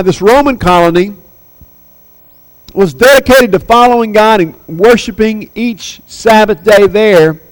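A man's voice: high voice, rough recording. A man preaching a sermon, earnest and emphatic, pressing hard on his key points.

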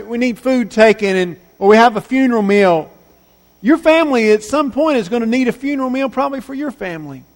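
A man preaching a sermon in a church, earnest and emphatic, repeating key phrases and letting his sentences fall away to quiet endings. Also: sits high. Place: church sanctuary. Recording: long reverb of a church hall.

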